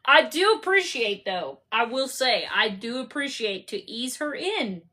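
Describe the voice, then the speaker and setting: A woman hosting a casual book club discussion, animated and laughing as she acts out scenes. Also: a little high, a little slow.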